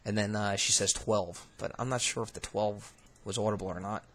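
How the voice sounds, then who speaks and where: A man hosting as a paranormal investigator, casually talking through recordings in a relaxed, halting way, thinking aloud with fillers. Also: fairly low pitch, noisy background. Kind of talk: casual commentary reviewing recordings.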